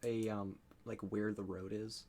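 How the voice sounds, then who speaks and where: A man playing in a tabletop game, joking, swearing and reacting loudly to the action. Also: lowish voice, measured pace, vocal fry, a little hiss or hum. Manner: excitable, swears a lot, jokey outbursts. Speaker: player. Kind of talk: casual tabletop game chat.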